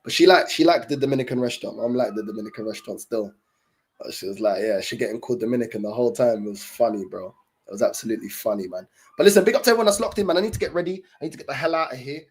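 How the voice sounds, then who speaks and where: A man's voice: mid-range voice, expressive, very fast. A young man chatting casually to his livestream viewers, in laid-back, slang-heavy talk full of fillers. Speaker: livestream host.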